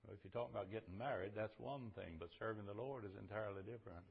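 A man's voice: on the low side, fast, creaky, breathy edge, narrow, tinny audio. A man preaching a sermon, retelling scripture in a conversational way and building to fervent emphasis.

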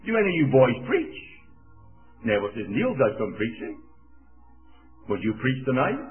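An older Scottish man preaches and tells a story, his pitch rising and falling as he voices each person in it. The sound is thin and tinny, like a phone line, with faint music underneath. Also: normal speed. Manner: storytelling, acting out dialogue with animated pitch. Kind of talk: sermon with personal war story.

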